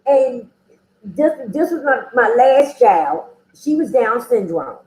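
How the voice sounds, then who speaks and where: Her voice is a little high and warm, very animated but slow, recorded with a roomy echo. She's an interview guest frankly sharing her personal story, loose and conversational, with frequent "you know".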